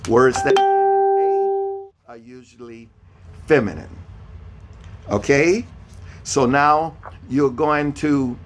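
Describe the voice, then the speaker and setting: A man teaching a beginner Spanish lesson over a video call, patiently repeating each question and spelling words out letter by letter. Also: a little high. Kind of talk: online beginner language lesson.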